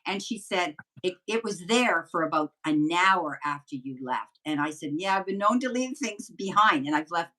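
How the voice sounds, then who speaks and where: A woman's voice: on the low side, animated, moderate pace, hardly any pauses, sharp tone, distant mic, rough recording. An older woman, a psychic medium guest, telling rambling, chatty anecdotes in a casual interview.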